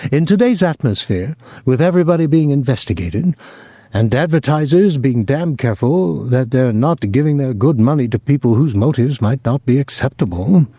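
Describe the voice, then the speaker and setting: A man's voice: mid-range voice, animated, normal speed, dark tone, no room sound, studio quality, voice pushed up. A man voicing a polished, condescending male executive who delivers a cool warning at a party, in an audiobook reading.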